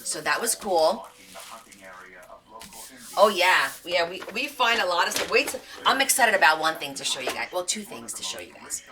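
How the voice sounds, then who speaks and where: A woman's voice: fairly low pitch, very animated, normal speed, a crowd in the background. Woman craft host, casual live show-and-tell, gushing and chatty; voice swoops up and down a lot. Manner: chatty, gushing over thrift finds.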